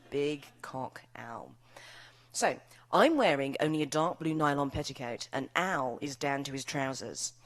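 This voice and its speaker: British woman author with a low voice that swoops up and down, doing a wry, bawdy live reading. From United Kingdom. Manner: wry, bawdy comic delivery. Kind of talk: author talk and reading from her own novel. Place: live event before an audience.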